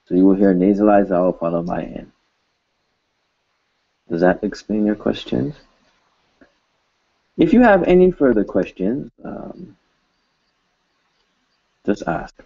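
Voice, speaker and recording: A man talks through a recorded language lesson at a very slow, unhurried pace, his voice sitting fairly low. He keeps it informal and jokey and repeats example words slowly. The sound is dull and lo-fi. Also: creaky. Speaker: language teacher.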